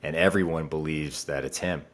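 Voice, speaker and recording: A man's voice: a bass voice, moderate pace, a bit bright. A man co-hosting a podcast and talking about being a father, earnest and repeating phrases for emphasis. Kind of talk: casual podcast chat.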